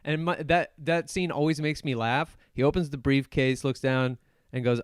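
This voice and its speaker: A man hosting a podcast alone, casually recapping a film with jokes, laughs and quick put-on voices for the characters. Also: mid-range voice, fairly even intonation, clear, resonant tone, no room sound, studio quality. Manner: joking, acts out movie characters in quick voices; laughs often while retelling. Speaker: podcast host. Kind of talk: solo casual movie recap.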